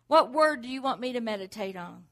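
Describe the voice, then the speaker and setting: A woman's voice: fairly high pitch, animated, fairly quick, a bit bright. A middle-aged woman preaching a sermon, driving points home with rhetorical questions and repeated exhortations.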